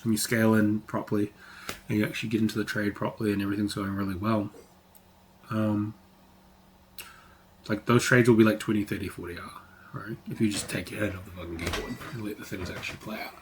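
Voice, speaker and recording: A man's voice: lowish voice, little pitch movement, fast, long pauses, a little hiss or hum. A man teaching trading on a live stream, talking casually, swearing freely and saying "like" a lot. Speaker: trading educator.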